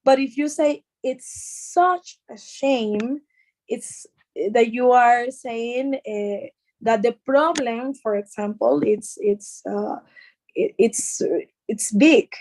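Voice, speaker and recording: A woman's voice: on the high side, slow, darkish tone, low-quality recording. A woman with a Mexican Spanish accent teaching an English class, explaining patiently with repeated words and fillers.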